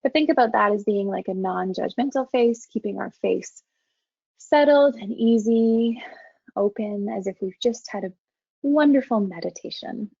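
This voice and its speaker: A woman counseling instructor delivers an online training lecture in a calm, measured, gentle way. Her voice is mellow and a little raspy, with frequent vocal fry. The audio is dry and dull, with the lo-fi sound of a webinar recording. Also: mid-range voice, no room sound. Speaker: university counseling faculty presenting a webinar.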